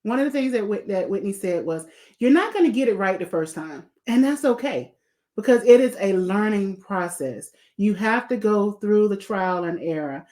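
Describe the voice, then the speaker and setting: A middle-aged woman hosts a podcast in a loose, conversational way. She gushes over her guest and says the same praise twice. Her voice sits at an ordinary pitch, neither high nor low. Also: animated, normal speed. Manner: warm, effusive, repeats praise. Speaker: podcast host. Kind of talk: casual interview chat.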